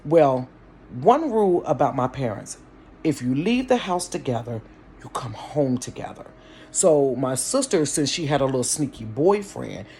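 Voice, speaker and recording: A man's voice: medium pitch, a little hiss or hum. Chatty man telling family stories. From Cincinnati, Ohio. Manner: chatty and animated, addresses viewers directly, laughs easily. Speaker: storytime channel host. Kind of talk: casual storytelling vlog. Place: bedroom at home.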